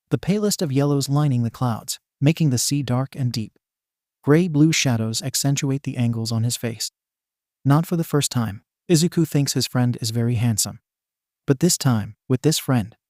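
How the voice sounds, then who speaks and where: A man narrating a fan fiction story in a steady, even reading voice. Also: mid-range voice, no room sound, clean studio sound. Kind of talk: scripted narration.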